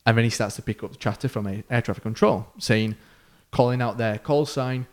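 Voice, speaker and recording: A man hosting a podcast, telling a story in a casual, animated way that builds suspense. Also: mid-range voice, fairly quick. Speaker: podcast host.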